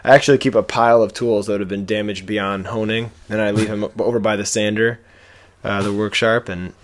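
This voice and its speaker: A man co-hosting a podcast about woodcarving, talking in a low-key, self-deprecating way that trails off at the ends of thoughts. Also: little pitch movement, fairly quick, a little hiss or hum. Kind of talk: casual chat.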